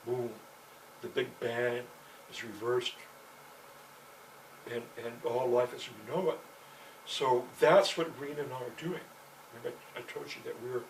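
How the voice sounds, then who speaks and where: A man telling a long personal story in a meandering, profane way, with constant "you know" fillers. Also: medium pitch. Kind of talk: rambling personal storytelling monologue. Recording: distant mic with faint background noise.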